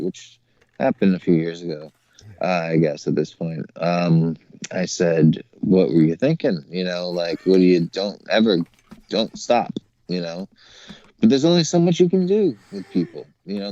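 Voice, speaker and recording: A man telling a story as a guest in casual chat, relaxed and hedging, with many fillers and disclaimers. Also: deep voice, no room sound. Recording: dull, dry, lo-fi sound.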